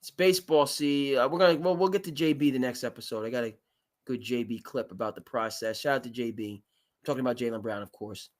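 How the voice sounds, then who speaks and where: A man's voice: medium pitch, fast talker. A man hosting a live sports talk show, chatting casually and rambling with lots of fillers. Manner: rambling, filler-heavy, animated.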